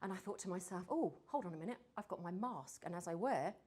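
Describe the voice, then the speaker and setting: A woman giving a lively talk on storytelling to a group, acting out her stories and sometimes dropping to a whisper for suspense. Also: lowish voice, fast, husky. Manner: animated, mimics accents, drops to whispers for suspense. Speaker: speaker on storytelling.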